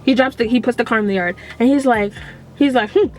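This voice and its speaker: A young woman vlogger telling a story in a rambling, animated way with many fillers. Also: fairly high pitch, fast talker, faint music behind. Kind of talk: storytime vlog.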